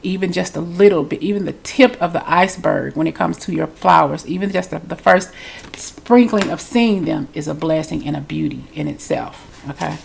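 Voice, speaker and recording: A woman's voice: low-pitched, moderate pace, vocal fry, slight background noise. A woman with a congested voice, giving a chatty, loose spiritual reading straight to her viewers. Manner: chatty, loose, repeats herself. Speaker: tarot reader.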